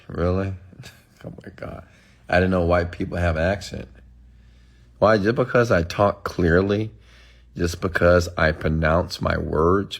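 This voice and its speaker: A low-pitched man rants emphatically on a live stream, responding to chat comments and preaching to his followers, punctuating everything with "okay?"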